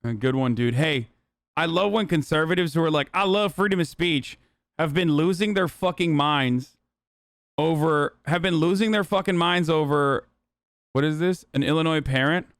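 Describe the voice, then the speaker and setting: A man's voice: a little high, normal speed, dry recording, studio quality. Sarcastic, profane man streaming. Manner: sarcastic, profane, reads headlines aloud. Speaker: political streamer host. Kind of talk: live stream commentary.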